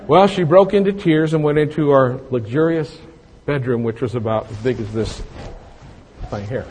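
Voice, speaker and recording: Mężczyzna po pięćdziesiątce, kazanie w pogłosie hali. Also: male voice, medium pitch, moderate pace, darkish tone, slight background noise. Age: 50s. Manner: folksy, self-mocking storytelling with scripture reading. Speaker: pastor. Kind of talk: sermon. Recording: long hall reverb.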